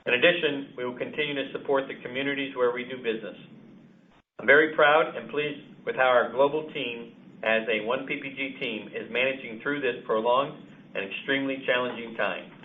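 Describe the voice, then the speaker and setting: A company chief executive reading formal prepared remarks on an earnings call in a measured way. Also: male voice, medium pitch. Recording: tinny phone line.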